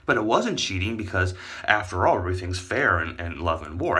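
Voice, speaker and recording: A man's voice: lowish voice, sing-song, fast, fairly bright tone. A man ranting to his viewers in a casual vlog, rambling, sarcastic and swearing, talking straight to his audience. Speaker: vlogger.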